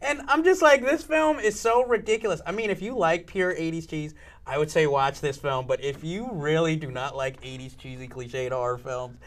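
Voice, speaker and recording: A man's voice: on the high side, normal speed. A man co-hosting a film review show, talking casually and mocking a cheesy film with an exasperated tone. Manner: exasperated, laughing, mocks cliches. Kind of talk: casual group chat. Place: public access TV studio.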